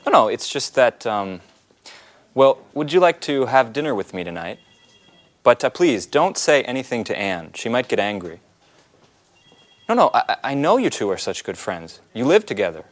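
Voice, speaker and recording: A man playing an awkward, lively-voiced flirt on the phone. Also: medium pitch, normal speed, natural voice. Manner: hesitant, stammering, full of fillers. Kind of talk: scripted phone skit.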